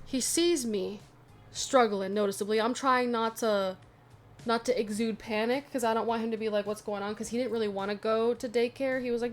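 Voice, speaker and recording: A young adult woman casually chatting to her viewers, telling a funny story with lively asides. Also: a little high, normal speed. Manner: chatty, animated retelling with asides. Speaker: vlogger.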